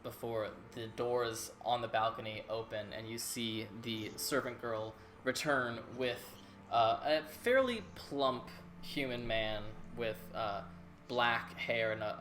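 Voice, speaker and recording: A man narrating a tabletop fantasy game as game master, describing scenes at a relaxed pace with many fillers. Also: on the low side, slight background noise.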